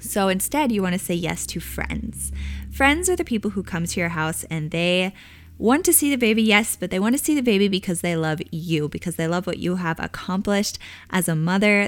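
Low-voiced woman giving casual advice. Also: clean tone, no room sound. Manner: warm conversational with frequent fillers and laughs. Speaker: podcast host.

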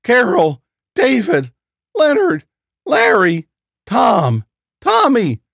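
A man voicing a panicky young man in a spoken horror story, talking in frantic, rushed outbursts. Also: extremely high pitch, wildly swooping pitch, vocal fry, a bit bright, no echo, studio quality, pitched above the performer's own voice, full character voice. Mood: panicked.

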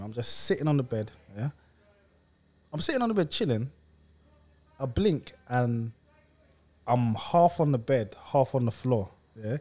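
A young man, telling a story in a casual podcast chat and laughing as he goes. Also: mid-range voice. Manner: animated, laughing storyteller using slang. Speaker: podcast co-host.

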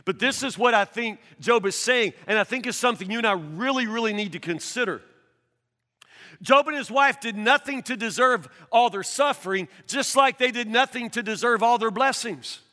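A male pastor preaching an earnest sermon, repeating words as he presses his points and rising toward a shout. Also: extremely high pitch, moderate pace. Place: church hall. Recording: long hall reverb.

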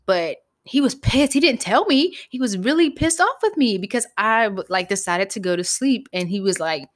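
A young woman hosting a podcast, telling a personal story in a candid, animated way, swearing freely. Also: medium pitch, normal speed. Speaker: podcast host. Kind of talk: casual storytelling.

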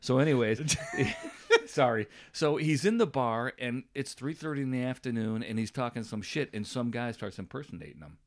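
A man's voice: mid-range voice, moderate pace. A man telling an anecdote in casual chat, swearing and breaking off into asides. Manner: animated storyteller who acts out voices in anecdotes; swearing, self-interrupting asides.

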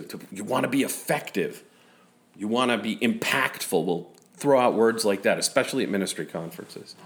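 Conversational man preaching a sermon. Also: fairly low pitch. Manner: conversational, self-deprecating asides. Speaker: pastor.

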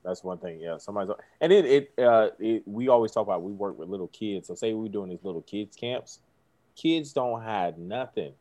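A man who coaches football tells lively stories in casual chat and acts out the kids' lines. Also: fairly low pitch, a little fast. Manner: animated storyteller, acts out kids' voices, laughs often.

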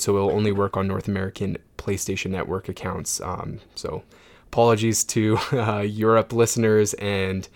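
Laid-back low-voiced male podcast host. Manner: relaxed, filler-heavy, upbeat. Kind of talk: casual podcast chat.

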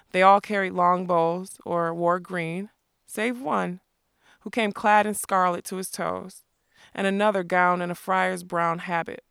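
Woman audiobook narrator, lyrical and measured, gravelly tone, dry close mic. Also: medium pitch, a bit bright, no echo.

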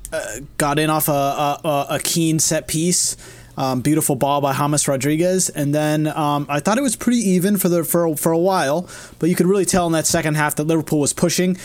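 Man, casual podcast talk, blunt, swears a lot, higher voice. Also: brisk, a little mellow. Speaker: podcast co-host. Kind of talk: casual chat.

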